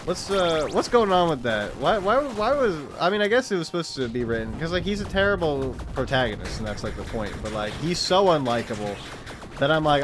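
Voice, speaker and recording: A man's voice: a little high, sing-song, brisk, background noise. A young man streaming a game and chatting casually, rambling and swearing with frequent laughs. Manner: rambling, profane, laughs often. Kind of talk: casual gaming chat.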